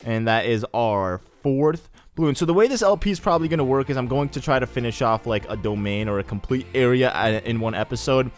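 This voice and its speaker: A man's voice: mid-range voice, fairly quick, hardly any pauses. Chatty young man narrating gameplay. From Egyptian heritage. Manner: rambling, chatty, excitable bursts. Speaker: let's play host. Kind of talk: casual gameplay commentary. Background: faint game music.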